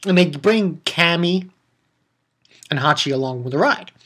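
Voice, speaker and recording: A man's voice: a little high, animated, a little slow, a bit bright. A man casually recapping an anime episode, rambling with laughs, swearing and acted-out quotes. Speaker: anime reviewer.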